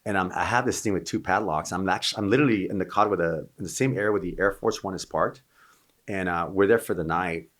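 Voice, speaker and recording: A middle-aged man with a deep, low voice tells a long war anecdote at a quick clip. He rambles, doubles back and restarts his sentences. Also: a bit bright. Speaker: guest, Marine veteran. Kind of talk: casual storytelling.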